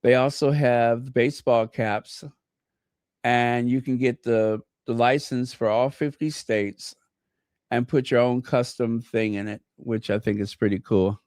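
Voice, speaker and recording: A man's voice: medium pitch, fairly even intonation, unhurried, a little mellow, clean tone, no echo, clean studio sound. A man hosting a casual livestream, gushing over gifts and greeting viewers by name. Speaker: channel host. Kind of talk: casual live-stream chat.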